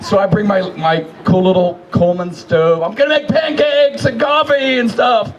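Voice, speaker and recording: A man with a somewhat high voice tells a story at a memorial, swearing freely and shouting out the quoted lines. His delivery is loose and animated, and there is a faint hiss in the background. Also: normal speed, dull audio. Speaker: hasher giving a memorial tribute. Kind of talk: casual memorial speech.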